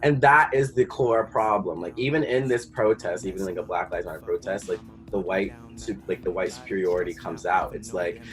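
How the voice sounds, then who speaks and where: A man with a fairly low voice tells a personal story in an interview. He is animated and acts out the voices of the people he quotes. Quiet guitar music plays behind him. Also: normal speed, hardly any pauses. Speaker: interviewed artist.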